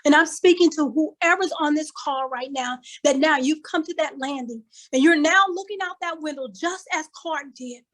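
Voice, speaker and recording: Heard via video call in a low-quality recording, an older woman from Kansas City, USA, delivers a motivational conference talk. Her high, fairly bright voice keeps a moderate pace with few pauses as she tells a story, repeating phrases emphatically the way a preacher might.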